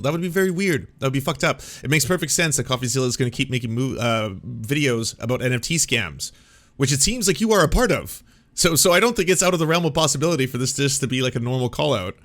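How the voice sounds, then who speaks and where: Male streamer, casual reaction commentary, sarcastic, mid pitch. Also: lively intonation, fast talker, a bit bright. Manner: sarcastic, laughing, swears freely.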